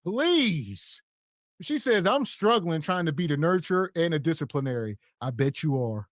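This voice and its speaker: A man co-hosting a podcast, responding to clips in a lecturing, dismissive tone. His voice sits a little high. The sound is dry. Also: very animated, moderate pace, no echo. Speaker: podcast co-host. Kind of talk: reaction commentary.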